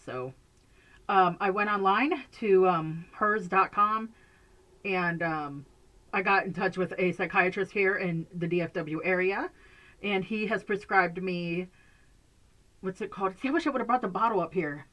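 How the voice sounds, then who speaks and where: A woman's voice: mid-range voice, unhurried, highs cut off. A woman chatting casually to camera from a bedroom at home, rambling and laughing often. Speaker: vlogger.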